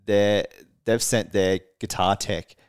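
Laughing man with a low voice. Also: takes it slowly, clean tone. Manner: animated, laughs often mid-story, swears casually. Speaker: touring musician, podcast co-host. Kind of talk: casual storytelling chat.

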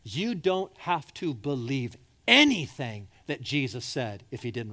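A man preaching a sermon with passion. He swings between loud, urgent pleading and soft, hushed lines, and he repeats words when he presses a point. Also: a little high, big pitch swings, moderate pace. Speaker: pastor.

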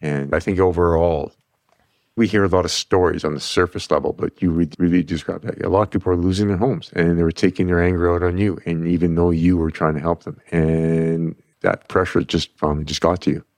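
Male podcast host, very low voice, encouraging, dry sound. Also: steady tone, fairly quick, a little mellow, dry recording. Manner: encouraging, affirming. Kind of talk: interviewing.

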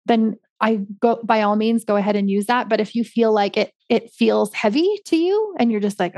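A woman's voice: mid-range voice, brisk, a little mellow, no room sound, studio quality. A woman hosting a solo parenting podcast, chatting casually with many ums and likes. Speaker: podcast host, parenting coach.

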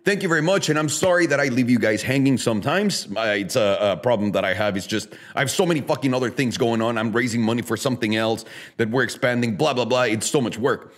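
A man's voice: medium pitch, quick pace. A man hosting a casual solo podcast, ranting bluntly with heavy swearing and throwing rhetorical questions straight at his listeners. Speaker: podcast host.

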